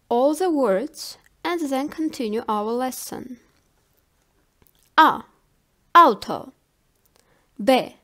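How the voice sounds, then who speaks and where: A woman giving a language lesson, saying each word slowly and carefully, often twice. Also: sits high, fairly bright tone. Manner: slow, carefully enunciated word drills. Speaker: language teacher.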